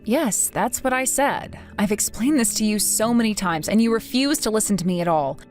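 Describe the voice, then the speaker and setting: A woman's voice: medium pitch, normal speed, faint music behind, lightly acted. A woman voicing a fed-up grown daughter who bluntly and coldly refuses her family. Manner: blunt, cold, firm. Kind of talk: text-story voice acting.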